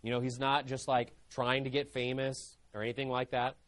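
A man's voice: medium pitch, monotone, moderate pace, a bit bright. A man preaching a sermon, fervent and emphatic.

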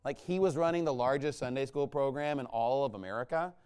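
A man preaching a combative, mocking sermon, swinging between low muttering asides and loud outbursts. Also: fairly quick, smooth. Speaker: pastor. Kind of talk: fiery sermon rant.

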